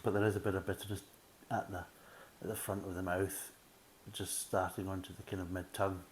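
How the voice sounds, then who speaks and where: A man's voice: low voice, little pitch movement, fairly quick, a little hiss or hum. A man giving a casual, methodical beer tasting review, full of "kind of" fillers.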